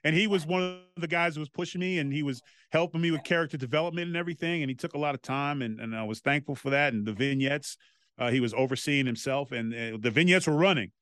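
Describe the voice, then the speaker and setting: Animated man telling wrestling stories. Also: a little high, quick pace, no echo, studio quality. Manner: animated, acts out quotes, swears freely. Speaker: podcast guest, former wrestler. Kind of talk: casual anecdotal storytelling.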